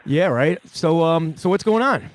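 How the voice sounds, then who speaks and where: A middle-aged podcast host runs a casual call-in chat, talking loosely and profanely through rambling stories. His voice sits on the high side and is expressive, and his pace is a little slow.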